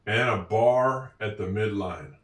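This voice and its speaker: Slow, patient man teaching handwriting. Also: on the low side, fairly bright tone, far from the mic. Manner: patient, slow and explanatory, self-deprecating asides. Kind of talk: handwriting lesson. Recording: echoey room, voice a bit off-mic.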